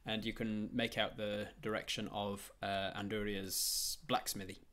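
A man's voice: on the low side, flat delivery, measured pace, a bit bright. A man narrating a tabletop game as game master, rambling with frequent fillers and restarts.

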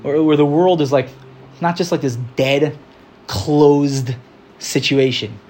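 A man's voice: on the high side, takes it slowly, darkish tone. A man teaching an informal religious class in a chatty, loose way, often acting out little quotes. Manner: chatty, full of "like", acts out quotes. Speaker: Torah teacher.

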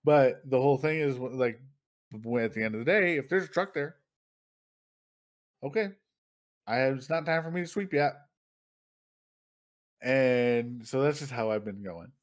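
Male podcast co-host, relaxed, swears freely, quick to laugh. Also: mid-range voice. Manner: loose, profane, laughs often. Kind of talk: casual chat.

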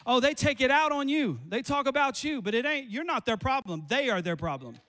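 A man preaching a fiery sermon, repeating lines and building up to shouts. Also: very high-pitched, sing-song, a little fast.

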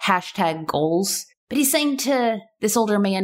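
A woman's voice: mid-range voice, expressive, a little slow, hardly any pauses. A woman in her thirties hosting a casual solo podcast, chatty and playful, full of rhetorical questions. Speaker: podcast host.

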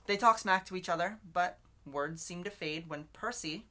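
Bright-voiced chatty woman recapping a book. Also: lowish voice, normal speed. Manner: chatty recap, filled with "like" and "literally". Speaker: podcast co-host. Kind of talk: casual book discussion.

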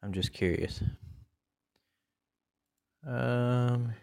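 A man's voice: mid-range voice, steady tone, extremely slow, creaky, darkish tone, clear, resonant tone. A man hosting a casual solo podcast, talking in a rambling, laid-back way with many fillers. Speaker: podcast host.

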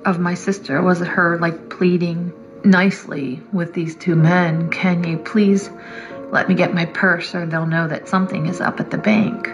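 A woman with a lowish voice recounts what happened in a quiet, recollecting way. The clip sounds dull and lo-fi, with clear music running underneath. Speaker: relative of the victims. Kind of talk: recounting in an interview.

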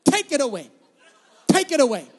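Male preacher doing a high, dramatic Bulgarian-accented wife, fussy and insistent. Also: big pitch swings, moderate pace. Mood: exasperated. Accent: Bulgarian, put on.

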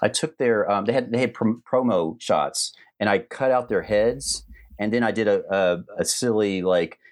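A man's voice: fairly low pitch, normal speed. A middle-aged man casually telling rambling stories about his animation career on a livestream, full of fillers and restarts.

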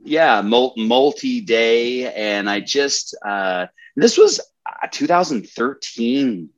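A man hosting a casual podcast who speaks haltingly, with lots of fillers. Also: mid-range voice, sing-song, highs cut off. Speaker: podcast host.

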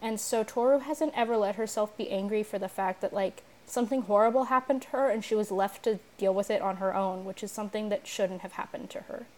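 A woman's voice: medium pitch, fairly quick, hardly any pauses, a little mellow. A young woman co-hosting a casual chat, rambling with many fillers and restarts. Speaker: podcast co-host. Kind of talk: casual chat about an anime.

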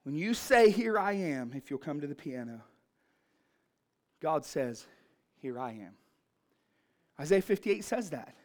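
A man preaching a sermon from the pulpit with a high voice. He reads scripture quietly, then builds to loud, fervent calls to the congregation. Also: expressive, unhurried. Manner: swings from soft scripture reading to loud preaching. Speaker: pastor.

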